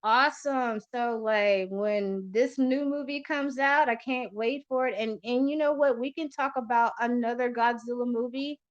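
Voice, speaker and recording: A woman's voice: on the high side, steady tone, normal speed, few pauses. A woman hosting a podcast in loose casual chat, rambling and swearing freely with lots of fillers. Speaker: podcast host. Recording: lo-fi muffled audio.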